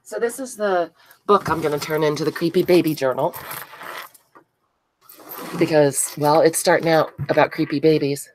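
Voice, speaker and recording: A woman's voice: low voice, fairly even intonation, normal speed, pauses often, darkish tone, a little hiss or hum. Giggly, gushing woman on a live stream. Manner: giggly, gushing, reads out chat names. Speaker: craft live-stream host. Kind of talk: casual live-stream chat with viewers.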